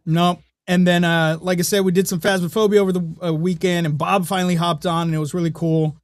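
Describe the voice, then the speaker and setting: A young man co-hosting a podcast in casual chat, telling stories in a profane, animated way. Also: high-pitched, quick pace, no echo, clean studio sound. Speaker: podcast co-host.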